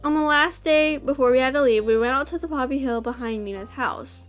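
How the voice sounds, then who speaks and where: A woman reading the lines of a nervous, earnest young man about to marry, in a soft, hesitant manner. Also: high voice, brisk, soft background music, natural voice.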